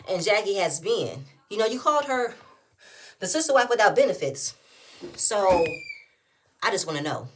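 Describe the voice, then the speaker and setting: This is a medium-pitched woman reviewing a reality show in a casual, animated recap. She keeps sounding incredulous and tossing out rhetorical questions.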